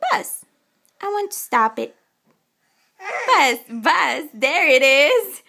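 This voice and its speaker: Woman, mother coaching a toddler, high voice, very slow, clear drawn-out words, sing-song praise. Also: lively intonation, pushed and bright. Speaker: mother teaching her toddler sign language.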